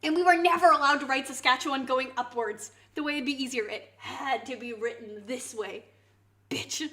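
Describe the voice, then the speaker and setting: A woman streamer chatting casually to her viewers, swinging into loud mock outrage and swearing. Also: sits high, a little fast. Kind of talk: casual live-stream chat. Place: home kitchen.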